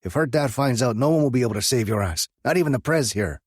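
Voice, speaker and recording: A man voicing a gruff adult male biker who talks in a blunt, growling, threatening way in an audiobook. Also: lowish voice, fairly quick, no echo, studio quality, pitched above the performer's own voice, natural voice. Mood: furious.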